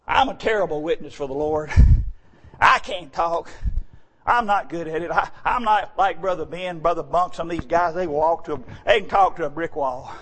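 A man preaching a folksy, joking sermon, animated and often shouting. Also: a little high, moderate pace. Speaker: church speaker.

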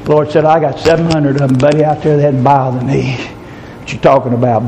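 A man preaching a sermon in church, swinging from shouted climaxes down to quiet, low asides. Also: little pitch movement, a little fast, gravelly, a little hiss or hum, low-quality recording.

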